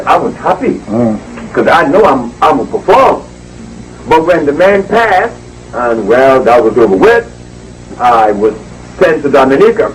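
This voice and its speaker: A man's voice: medium pitch, far from the mic, slight background noise, low-quality recording. Emphatic man lecturing a crowd. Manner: emphatic and preachy, repeating words for force. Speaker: speaker addressing an audience. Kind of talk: lecture to a live audience. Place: indoor evening gathering.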